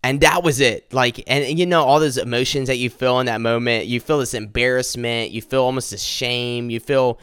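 A man earnestly telling a personal faith testimony, halting and restarting as he speaks directly to his listeners. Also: medium pitch, fairly even intonation, fairly bright tone, smooth, dry recording, studio quality.

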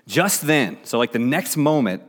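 Middle-aged male pastor, conversational sermon delivery, restarts and fillers, mid-pitched. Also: very animated, unhurried.

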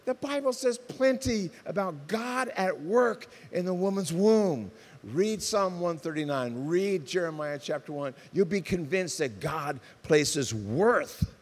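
A man preaching a sermon as pastor, impassioned, swinging from loud emphatic outbursts to soft earnest tones. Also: on the high side. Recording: reverberant hall.

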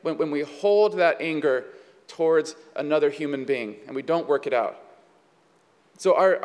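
A man's voice: on the high side, a little mellow, in a large hall. A man preaching a sermon in a conversational way, with frequent fillers and rhetorical questions. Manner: conversational, with many fillers and asides. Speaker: pastor.

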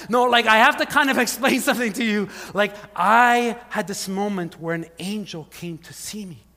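A male pastor preaching a sermon, telling the story with animated asides and acted-out voices, often saying "like". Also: high voice, a little fast, few pauses. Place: church hall. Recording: long hall reverb.

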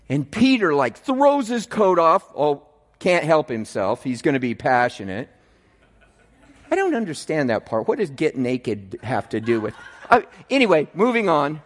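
Animated male preacher in a reverberant hall. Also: a little high, moderate pace. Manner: animated storytelling with conversational asides to the congregation. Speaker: pastor. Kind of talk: sermon. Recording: long reverb in a large hall.

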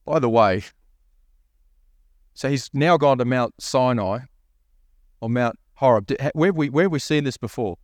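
A man's voice: medium pitch, moderate pace, long pauses, dry recording, clean studio sound. A male pastor preaching a sermon, asking the congregation rhetorical questions and reading scripture aloud. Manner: reads scripture aloud, voicing the prophet's lines.

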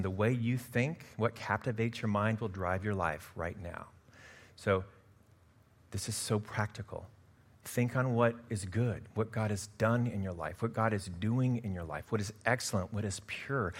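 Low-voiced male pastor preaching with fervor. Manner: swings from quiet confiding asides to loud emphatic preaching; self-deprecating, laughs at himself. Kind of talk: sermon.

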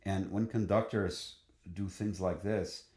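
A man from a choir, his voice sitting low with a steady, darkish tone in a reverberant space. He shares an enthusiastic story conversationally, though he halts often, restarting sentences amid many fillers.

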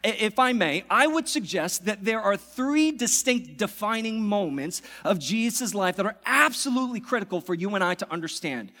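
A man preaching a sermon as pastor, swinging from loud, excited passages to hushed, reverent ones. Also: sits high, moderate pace, few pauses.

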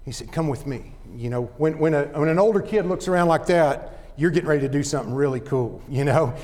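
A man preaching a sermon, earnest and deliberate, telling a personal story with frequent restarts. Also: on the high side, darkish tone, in a large hall.

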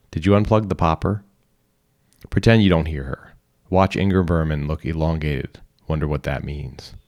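Very deep-voiced man reading a story. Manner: calm, instructional second-person reading. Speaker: reader. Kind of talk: scripted narration.

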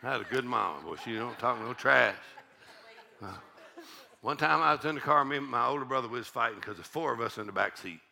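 A man preaching in a church service, his voice gravelly and piercingly bright. He rises into fiery shouted exhortation and drops into folksy storytelling, with his pitch leaping and falling widely. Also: expressive, a little fast. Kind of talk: sermon.

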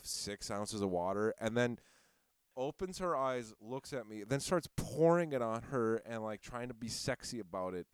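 A man casually telling a profane story on a podcast, animated and swearing freely. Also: mid-range voice, moderate pace, clean tone, no room sound.

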